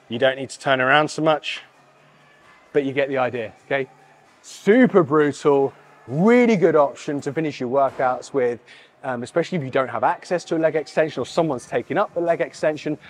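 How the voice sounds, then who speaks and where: A man's voice: on the high side, darkish tone. A man with a British accent demonstrating leg exercises as a fitness coach, talking casually with many fillers and repeated coaching cues, a little out of breath.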